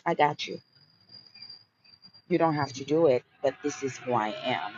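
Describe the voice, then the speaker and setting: A Haitian-accented woman's rumbling low, slightly mellow voice moves at normal speed through a muffled recording with a little hiss or hum. She is the host of a live motivational Q&A, emphatically repeating affirming mantras and calling listeners honey and baby.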